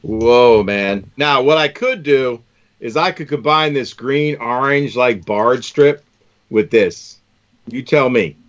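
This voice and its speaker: A man's voice: mid-range voice, slow, a bit bright, muffled recording. Chatty man tying lures on a stream. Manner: chatty, enthusiastic, says "man" often. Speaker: host tying fishing lures. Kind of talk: casual live-stream chat.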